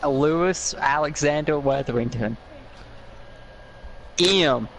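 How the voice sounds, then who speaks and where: A man's voice: on the high side, slow pace. A man in his twenties bantering casually on a live stream, laughing and protesting while he is tickled. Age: 20s. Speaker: streamer's older brother. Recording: noisy background.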